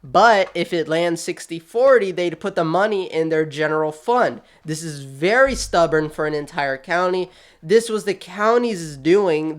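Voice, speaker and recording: A man hosting his channel, giving quick, chatty, animated commentary with a sassy streak, talking straight at the people he discusses. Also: sits high. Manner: quick, chatty, restarts often. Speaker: channel host. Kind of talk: casual video commentary.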